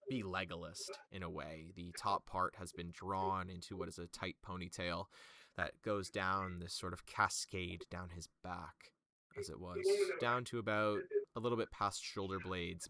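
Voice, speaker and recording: A man's voice: low voice, bright, forceful tone, dry recording. A man narrating as game master in a tabletop game, describing scenes with many fillers.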